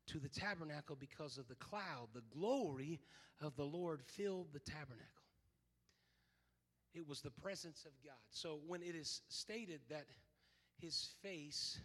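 A man's voice: on the high side, pushed and bright, in a large hall. A man pastor preaching a fervent sermon, quoting scripture and calling on the congregation to respond.

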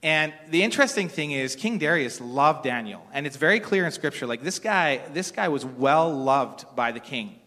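A man's voice: on the high side, animated, moderate pace, few pauses, bright, forceful tone. A middle-aged man preaching a sermon in a conversational, storytelling way, sometimes restarting his sentences. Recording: long reverb of a large hall.

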